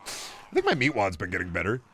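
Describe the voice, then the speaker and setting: A man's voice: on the low side, huge pitch swings, a little fast, a bit bright, a little hiss or hum. A man streaming a game, chatting casually and joking around with his chat, swearing freely. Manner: joking, swears, riffs on impressions. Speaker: gaming streamer.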